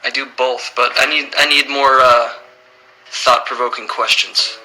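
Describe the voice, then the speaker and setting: On a livestream, a man in his thirties relaxedly reads fan questions aloud and answers them plainly. His voice is medium-pitched and a little slow, and the audio quality is poor.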